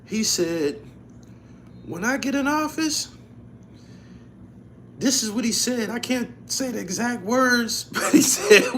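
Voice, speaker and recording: Guy with a high voice cussing and laughing through stories, noisy background. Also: lively intonation, slow pace, pauses often, a bit bright. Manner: profane, laughs often while telling stories. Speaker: channel host. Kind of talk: casual livestream chat.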